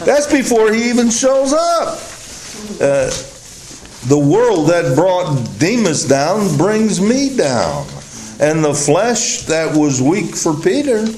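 An older man preaching a sermon as a pastor, telling personal stories slowly and deliberately with chuckles, recorded on old tape. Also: on the high side, darkish tone. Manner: slow, deliberate, storytelling with chuckles. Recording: echoey hall, faint noise, old tape.

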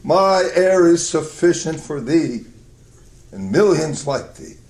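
The atmosphere answers with gentle comfort, voiced by a preacher. The delivery is slow and kind. The sound is roomy and echoing. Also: male voice, on the high side, expressive. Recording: roomy hall echo.

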